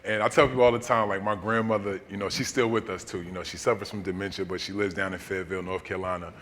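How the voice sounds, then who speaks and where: At a seminar hall in a large venue, a man with a very low voice that has a bright edge talks fast, telling a personal story as an interview guest in a relaxed, folksy way full of fillers. The hall adds long reverb, with faint noise underneath.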